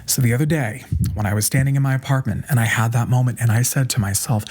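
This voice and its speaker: A man delivering an earnest inspirational monologue, speaking softly and sometimes dropping into a breathy whisper. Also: medium pitch, steady tone, quick pace. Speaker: motivational speaker.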